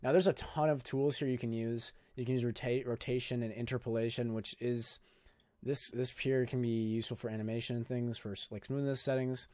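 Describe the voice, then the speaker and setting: A man's voice: medium pitch, fairly even intonation, brisk, a little mellow, no room sound, studio quality. A young man hosting a casual screen-recorded video editing tutorial, talking in a loose, jokey, filler-heavy way. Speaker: YouTube tutorial host.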